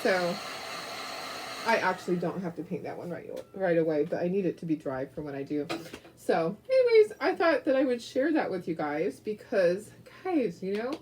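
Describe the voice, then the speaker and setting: A woman's voice: lowish voice, big pitch swings, moderate pace, darkish tone, a little hiss or hum. A woman hosting a craft video, chatting casually and telling stories while she paints, rambling a little and laughing often. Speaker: craft show host.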